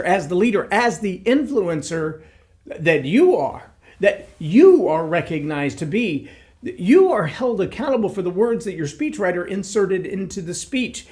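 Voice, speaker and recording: A man who coaches speakers, giving a reflective solo talk, measured and building points through repeated phrases. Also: sits high, darkish tone.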